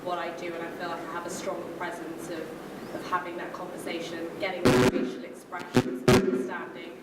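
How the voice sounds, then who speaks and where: A woman's voice: on the low side, monotone, brisk. Distant woman in a very echoey room. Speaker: audience member. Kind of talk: casual answer in a Q&A. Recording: very echoey room from far off, loud noise.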